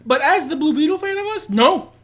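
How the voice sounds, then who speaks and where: A woman's voice: high-pitched, lively intonation, a little fast. A woman co-hosting a podcast, ranting emphatically about a film in casual chat and swearing freely. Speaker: podcast co-host.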